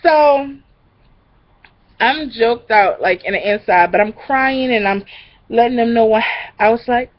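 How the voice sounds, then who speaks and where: A young woman vlogger casually telling a story, acting out the people in it with lively voices. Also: fairly high pitch, measured pace, long pauses, highs cut off. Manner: animated, acts out the people in the story.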